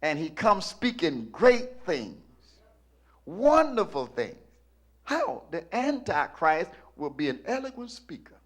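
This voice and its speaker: Male pastor, high voice, rhythmic preaching from hush to shout. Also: very animated, takes it slowly. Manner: rhythmic preaching that swings from low murmurs to shouting. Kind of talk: sermon.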